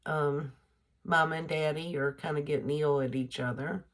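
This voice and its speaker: A woman's voice: deep voice, fairly even intonation, moderate pace. An older woman, chatting casually in a homespun vlog. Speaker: vlogger. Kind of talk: casual chat.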